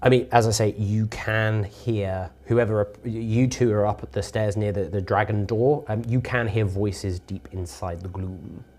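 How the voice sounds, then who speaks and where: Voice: mid-range voice, fairly even intonation, a little slow, few pauses, a little mellow. A game master narrating a tabletop game in an explanatory way, with frequent fillers.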